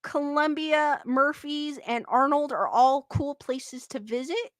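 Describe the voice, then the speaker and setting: Woman, late 30s, live-stream host, giggly, unhurried delivery, bright tone, dry close sound. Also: sits high, dry recording. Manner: giggly, laughs often, playful sing-song joking. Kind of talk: casual live-stream chat, reading comments aloud.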